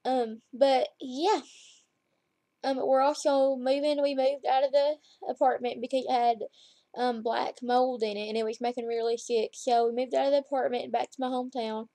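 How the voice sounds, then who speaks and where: A woman's voice: high voice, fairly even intonation, normal speed, mellow, dry recording. A woman, chatting and rambling through a story as she vlogs from home on her laptop camera. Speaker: vlogger. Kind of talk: casual chat to camera. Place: at home, lying down. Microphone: laptop webcam.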